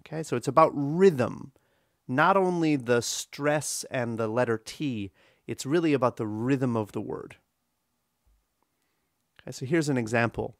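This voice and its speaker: Man, English teacher, slow deliberate delivery, mid pitch, dry close recording. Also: no echo. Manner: slow, deliberate, demonstrates rhythms by counting aloud. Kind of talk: IELTS listening lesson.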